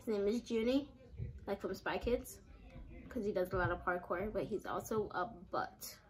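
A woman's voice: mid-range voice, normal speed. A young woman vlogger giving casual, chatty commentary while playing a game, with giggly, exaggerated reactions. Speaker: gaming vlogger.

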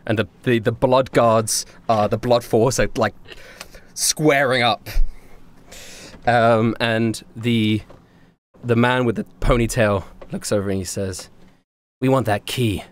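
A man's voice: mid-range voice, fairly even intonation, slow. Man narrating as dungeon master. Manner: rambling, laughing, frequent fillers. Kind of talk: narrating a tabletop game.

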